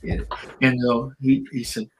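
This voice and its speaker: An older man tells a long story as a podcast guest. He talks casually, and his pitch jumps high whenever he acts out what others said. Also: unhurried, noisy background. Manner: animated storyteller, acts out quotes with shifting pitch. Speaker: former pro wrestler, guest. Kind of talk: storytelling interview. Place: podcast recording.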